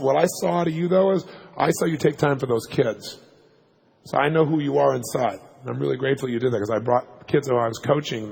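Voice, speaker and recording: Motivational speaker, male: rapid, husky, gravelly delivery, emphatic storyteller. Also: mid-range voice, rough recording. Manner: animated, emphatic storytelling with laughs. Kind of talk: storytelling seminar talk.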